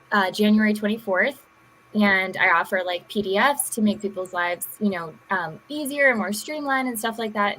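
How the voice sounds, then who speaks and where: A young woman panelist introducing herself with halting speech and many fillers on a video call. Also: mid-range voice, bright, forceful tone, slight background noise, poor audio. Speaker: panelist, YouTuber.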